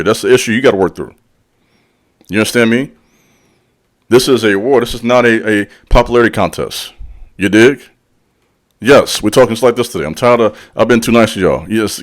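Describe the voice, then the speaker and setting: A man giving a blunt motivational talk as a spiritual leader, using casual slang, calling out the listener directly and repeating lines for emphasis. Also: medium pitch. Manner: preachy, direct, calls out the listener. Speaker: channel host and spiritual speaker. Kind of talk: motivational monologue.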